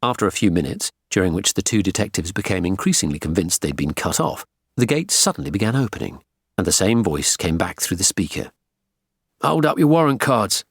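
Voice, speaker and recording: A man narrating a crime novel audiobook in an expressive storytelling delivery. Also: deep voice, brisk, slightly rough, dry recording, studio quality. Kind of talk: scripted narration.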